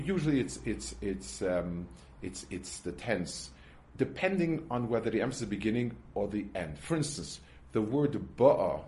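A Torah teacher leads a religious text class, working through the material step by step with everyday examples. He speaks haltingly and often restarts sentences, in a lowish voice with a darkish tone.

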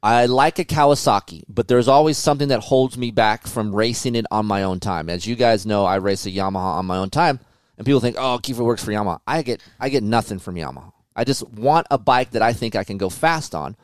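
Animated profane man telling stories. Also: on the low side, brisk, clean tone, dry recording, clean studio sound. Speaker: podcast host, motocross test rider. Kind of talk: casual chat.

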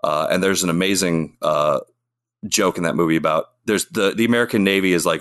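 A man's voice: deep voice, fairly quick, fairly bright tone. A man in casual podcast chat, rambling enthusiastically about monster movies and acting out lines. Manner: enthusiastic, rambling, acts out quotes. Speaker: podcast co-host.

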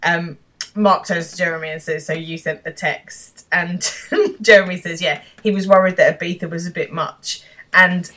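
Woman cohost chatting about a show, lowish voice, laughs a lot, swears. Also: normal speed. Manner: laughs often, animated, swears freely. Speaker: podcast co-host. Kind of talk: casual chat recapping a TV episode.

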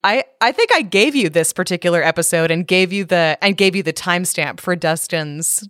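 A woman's voice: lowish voice, normal speed, a bit bright, dry recording, studio quality. A woman co-hosting a podcast in casual chat, blunt and emphatic with her opinions. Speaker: podcast co-host.

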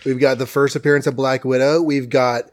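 A man of ordinary pitch co-hosts a casual podcast. He recaps a comic book in a chatty, animated way, with laughs and quick asides. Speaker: podcast co-host.

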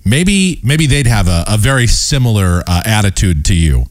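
A man's voice: on the low side, sing-song, normal speed, no room sound. A man hosting his own show, talking in a mocking, sarcastic commentary monologue. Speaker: show host.

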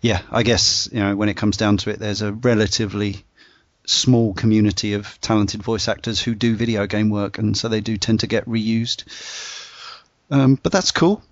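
Man, low voice, rambling podcast host, dry dull lo-fi recording. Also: steady tone, moderate pace, dry recording. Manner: rambling, many fillers and restarts. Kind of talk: casual discussion.

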